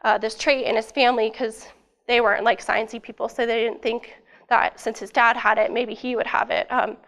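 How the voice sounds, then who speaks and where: A young woman gives a student presentation in a casual, eager way, filling her pauses with "um" and "like." Her voice sits a little high and sounds slightly worn. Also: little pitch movement, fairly bright tone. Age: young adult. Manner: casual, many fillers, eager. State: losing her voice. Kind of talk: academic presentation.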